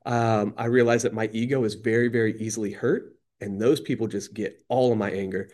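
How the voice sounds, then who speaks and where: A man's voice: on the low side, fairly even intonation, brisk, darkish tone. A man speaks candidly about his recovery, in a loose, slangy and self-deprecating way. He often stops and restarts his sentences as he talks. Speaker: AA member sharing.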